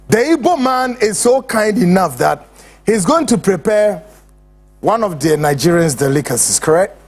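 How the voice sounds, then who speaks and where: A man's voice: high-pitched, sing-song, measured pace, pauses often. A man with a Ghanaian accent hosting a show, ranting in heated, insulting commentary. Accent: Ghanaian English. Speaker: host.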